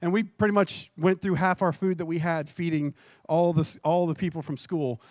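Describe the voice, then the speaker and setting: A man, a pastor, preaching a sermon and telling a personal testimony, with animated storytelling that repeats phrases for emphasis. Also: a little high, moderate pace, no echo.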